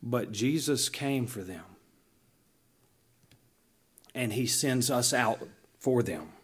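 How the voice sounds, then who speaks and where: A male pastor preaching to his congregation. His voice is a little husky, and he tells stories with lively, emphatic changes in loudness and pace. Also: medium pitch, a little slow. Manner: animated storytelling with emphatic dynamic shifts. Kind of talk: sermon.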